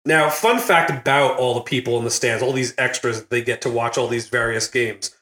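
A man hosting a casual movie recap podcast, laughing often and acting out quotes in a loud, high voice. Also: fairly quick, roomy sound. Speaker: podcast host.

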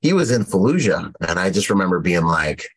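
A man's voice: low voice, big pitch swings, a little fast, slightly rough, low-quality recording. A man, a podcast guest from the United States, telling a rambling war story in casual talk, full of fillers and quoted lines.

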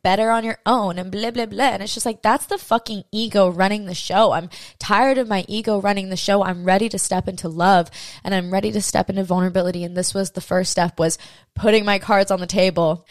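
A woman's voice: fairly low pitch, no echo, clean studio sound. A young woman hosting a podcast, telling a personal story while crying, emotional and swearing freely, acting out her own inner voices. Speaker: podcast host. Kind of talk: personal confessional monologue.

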